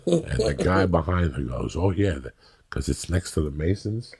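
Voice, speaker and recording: On a podcast, a Cuban-American comedian in his fifties acts out the characters in his brash, profane comic stories. His low voice swoops wildly in pitch at a moderate pace, sounding gravelly, slightly rough, and a little mellow.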